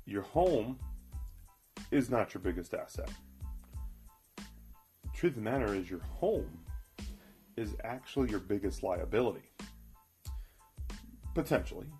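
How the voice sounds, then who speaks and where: A man's voice: on the low side, big pitch swings, unhurried, pauses often, dark tone, soft background music. A man giving an emphatic finance talk, speaking straight to the listener and repeating his key points. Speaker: financial educator. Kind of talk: motivational finance talk to viewers.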